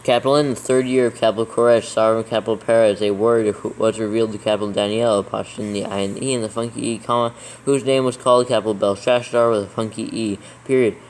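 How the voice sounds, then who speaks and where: A man reading a text aloud slowly and deliberately, dictating capitals and punctuation marks as he goes. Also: lowish voice, fairly even intonation, darkish tone, slight background noise, rough recording. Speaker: proofreader dictating scripture.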